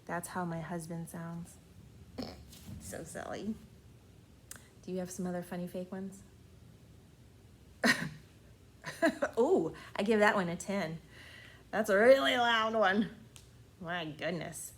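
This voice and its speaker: A woman librarian reading a bedtime story aloud to children, playful and gentle, often sinking into soft hushed tones. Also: on the low side, slow, pauses often, slight background noise.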